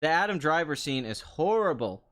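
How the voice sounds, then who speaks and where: A man's voice: a little high, very animated, moderate pace, fairly bright tone. A young man hosting a casual chat show, answering viewer comments in a sarcastic, rambling way and laughing often. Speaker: podcast host.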